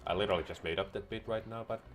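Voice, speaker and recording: Male let's-player with a deep voice, dry sarcastic jokes and casual swearing. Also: fairly even intonation, racing, faint music behind. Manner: sarcastic, joking, swears freely. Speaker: gameplay commentator. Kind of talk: casual let's-play commentary.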